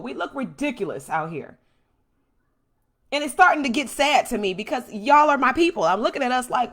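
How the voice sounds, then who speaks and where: Hosting a livestream from her home, this woman has a high-sitting voice and speaks a little quickly. Passionate and lively, she works through viewers' comments and replies to each.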